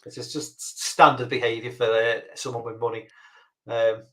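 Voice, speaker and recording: A man in casual chat, blunt and openly opinionated, swearing freely as he talks. His voice sits at a middling pitch, and his speech is loose and full of ums and restarts. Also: flat delivery, normal speed, fairly bright tone. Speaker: podcast co-host. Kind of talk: casual chat reacting to a countdown list.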